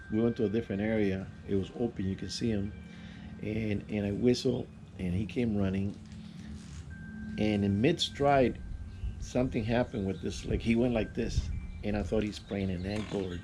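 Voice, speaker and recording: A man telling a personal story in a casual, rambling way, with halting restarts and fillers. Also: fairly low pitch. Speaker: vlogger.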